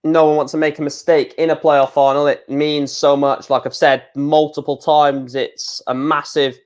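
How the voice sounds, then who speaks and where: Brief: slightly high-voiced man, YouTube reaction host, live football commentary, chatty with fillers and sudden shouts. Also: level tone, normal speed. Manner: running play-by-play with fillers, bursts into shouting at chances and goals.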